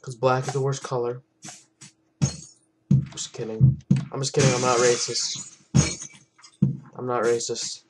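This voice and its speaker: A man's voice: medium pitch, little pitch movement, measured pace, pauses often, over loud music. A young man giving casual gameplay commentary as host of his own channel, rambling, swearing often and trailing off into mumbles.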